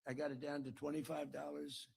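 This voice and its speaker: An older American man speaks at a podium in a dinner hall. His voice is gravelly and a little husky, set somewhat high for a man. He rambles, circles back on phrases and boasts as he goes. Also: level tone, fairly quick, a little mellow. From United States. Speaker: political speaker. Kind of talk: after-dinner speech.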